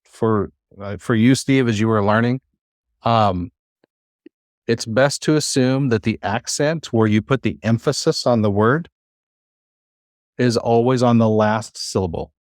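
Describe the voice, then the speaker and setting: A man teaching a Hebrew class over a video call, patient and encouraging, slowing down to spell out sounds. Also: mid-range voice, darkish tone, no echo, clean studio sound.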